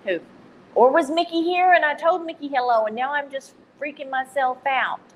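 Chatty Texan woman, slightly high voice. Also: moderate pace, a little hiss or hum, poor audio. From Texas. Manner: chatty, self-deprecating, laughs at her own slips. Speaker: vintage reseller hosting a live stream. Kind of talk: casual live-stream chat.

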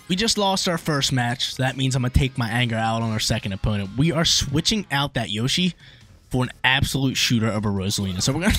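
A young gaming YouTuber with a mid-range voice commentates live over his own online soccer match, excitable and flipping between hype and frustration.

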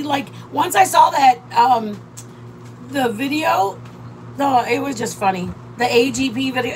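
Woman, from Michigan, high voice, rambling, chatty, laughs often, casual cooking stream. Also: fairly bright tone, slight background noise, low-quality recording. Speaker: vlogger cooking with her partner. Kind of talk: casual live-stream chat. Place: RV campsite during a rainstorm.

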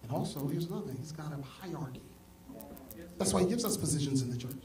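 A male pastor preaching a sermon, swinging from soft asides to loud exclamations. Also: fairly high pitch, lively intonation, fast, distant mic. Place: church sanctuary. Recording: echoey church hall, mic from afar, congregation audible. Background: congregation.

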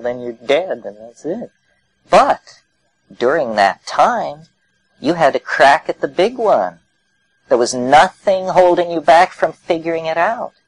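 American man, forties, wry conversational lecturer with a mid-pitched voice, close and dry. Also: dry recording, rough recording. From United States. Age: 40s. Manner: wry, conversational storytelling with vivid analogies. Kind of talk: public lecture.

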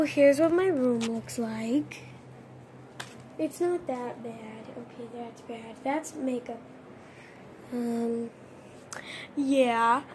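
A woman with a high voice vlogs casually from home, lying on her floor. She talks at an unhurried pace, rambling and mocking herself. Her voice sinks to near mumbles and then leaps into sudden loud bursts, with faint noise under it. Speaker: vlogger.

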